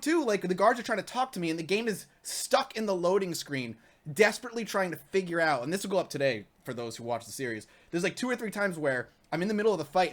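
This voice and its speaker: A fairly high-voiced man recounting a game mishap in an animated, excitable way. He keeps jumping into the shouting characters' voices as he tells it, like a co-host on a live streamed gaming show. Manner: excitable, acts out shouting characters mid-story. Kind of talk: casual animated storytelling.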